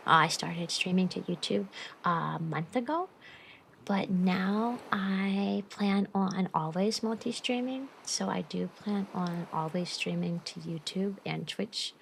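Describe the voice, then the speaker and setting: A woman's voice: on the low side, vocal fry, slight background noise, rough recording. A woman streamer chatting casually and bubbly with her live chat, greeting viewers and giggling often.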